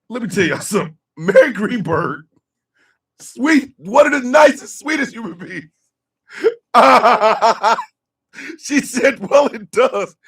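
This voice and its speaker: Man, host, casual live chat, constant laughter, loud outbursts, husky, a bit off-mic. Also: very high voice, lively intonation, slow pace, pauses often, distant mic.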